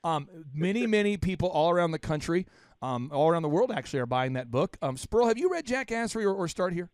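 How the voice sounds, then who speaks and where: A man hosting a business podcast, animated and teasing, often cutting in with questions. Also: fairly high pitch, fast, no echo, clean studio sound. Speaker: podcast host. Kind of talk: casual business podcast chat.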